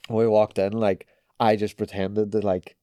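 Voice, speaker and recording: A man's voice: lowish voice, little pitch movement, unhurried, mellow, dry recording, studio quality. Northern Irish man, rambling casual storyteller. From Northern Ireland. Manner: rambling storytelling full of "like" and swearing, acting out quotes. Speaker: podcast guest, pro skateboarder. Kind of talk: casual chat.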